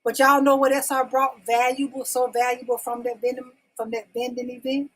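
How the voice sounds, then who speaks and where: A woman with a high voice hosts her own live-stream talk show. She talks to her viewers in a folksy, down-home way, calling them y'all. She keeps pressing the chat to answer her questions. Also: level tone, brisk, rough recording.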